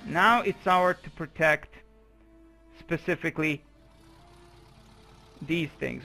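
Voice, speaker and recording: A young man with a fairly high voice talks through a strategy game, swinging between calm planning and loud, profane outbursts of exasperation. Quiet game music plays underneath him. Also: slow, creaky, pauses often. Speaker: game commentator. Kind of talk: let's play commentary.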